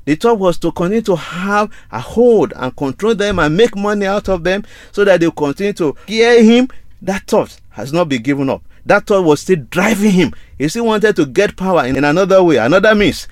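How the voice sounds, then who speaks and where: A man's voice: high voice, animated, a little fast, no echo, clean studio sound. A man preaching a sermon, reading scripture aloud and pressing his listeners with repeated rhetorical questions. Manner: emphatic, rhetorical questions and repetition.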